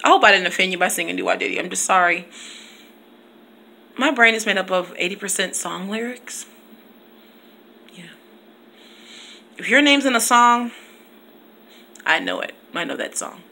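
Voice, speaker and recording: A woman's voice: mid-range voice, animated, moderate pace, creaky, long pauses, sharp tone, a little hiss or hum. Chatty, laughing woman teacher vlogging. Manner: chatty and playful, laughs often, drops into song. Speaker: teacher and video blogger. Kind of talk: casual chat to camera. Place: at home, reading from her computer.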